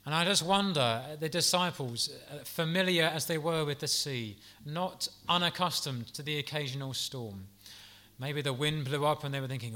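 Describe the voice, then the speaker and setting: A man preaching a sermon in an earnest, gentle, pastoral way, with soft asides and the odd restart. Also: a little high, normal speed.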